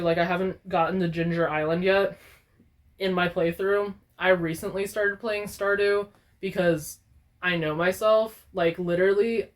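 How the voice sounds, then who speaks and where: A young woman gaming vlogger, talking casually in an animated, profane, exaggerated rant. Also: on the low side. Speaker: gaming YouTuber. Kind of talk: casual ranting vlog.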